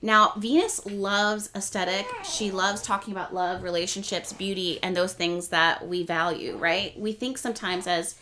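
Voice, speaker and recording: A woman's voice: normal speed, few pauses, a little hiss or hum. A young woman hosting an astrology channel, talking casually and rambling a little as she explains the week's transits. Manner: chatty, rambling, self-correcting; speeds up and rises in pitch when excited. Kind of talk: casual astrology talk to camera.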